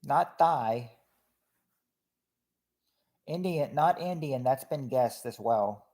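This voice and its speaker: A man from Kentucky, hosting a game night and reading out guesses in a chatty, stop-and-start way, trailing off quietly. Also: mid-range voice, animated, takes it slowly. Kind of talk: casual livestream game commentary.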